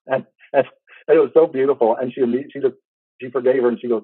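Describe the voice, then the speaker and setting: A man in his thirties telling a heartfelt personal story in a casual, halting way, full of restarts. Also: mid-range voice, steady tone, slightly rough, dry recording, narrow, tinny audio. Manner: fast, halting, with many restarts and fillers; earnest, heartfelt. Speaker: podcast host.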